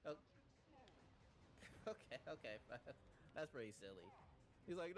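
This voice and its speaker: A man's voice: a little high, big pitch swings, unhurried, long pauses, a little hiss or hum. A man giving goofy, giggly gameplay commentary, slipping into silly voices.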